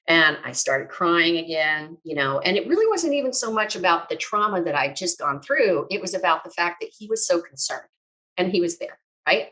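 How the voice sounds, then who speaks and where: A woman telling a personal story in an expressive, self-mocking way. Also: moderate pace. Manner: expressive, self-mocking, big pitch swings.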